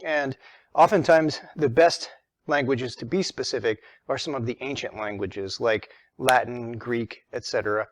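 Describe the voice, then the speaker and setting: A man's voice: medium pitch, moderate pace, no echo. Patient man teaching a lesson, dry sound. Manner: patient, methodical, stressing key words. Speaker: religion teacher. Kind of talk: explanatory lesson.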